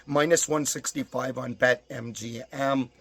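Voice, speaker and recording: A hoarse man with a strained voice, rattling off sports betting stats and picks in a casual, list-like way. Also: medium pitch, steady tone, measured pace, fairly bright tone, dry recording.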